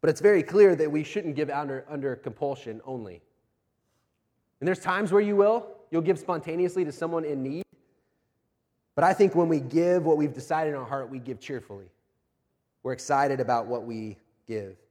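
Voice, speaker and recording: A man's voice: on the high side, normal speed, a little mellow. A man in his thirties, a pastor preaching a sermon, earnest and emphatic, repeating his key phrases. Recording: long reverb of a large hall.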